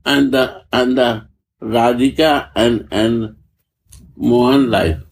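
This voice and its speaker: A man giving a spiritual discourse in halting, repetitive English, often restarting his phrases. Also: mid-range voice, fairly even intonation, gravelly, slightly rough, rough recording. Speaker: spiritual teacher.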